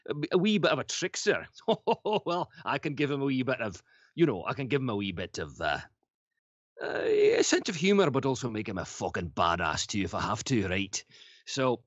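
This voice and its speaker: A man's voice: mid-range voice, wildly swooping pitch, normal speed, no room sound, dull audio. A man, a voice actor, chatting in an interview and laughing between his anecdotes. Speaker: voice actor guest. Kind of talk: casual interview storytelling.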